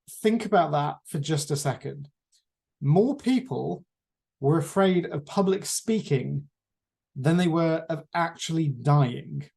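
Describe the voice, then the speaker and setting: A man teaching a class on presentation skills, lecturing in a measured way with deliberate pauses. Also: on the high side, gravelly, warm tone.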